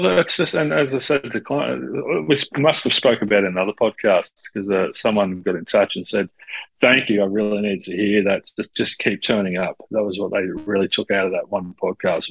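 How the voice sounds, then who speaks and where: A man who works as a coach, telling stories in a casual podcast chat, expressive and swearing freely. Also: lowish voice, moderate pace, vocal fry, breathy edge, no room sound, low-quality recording.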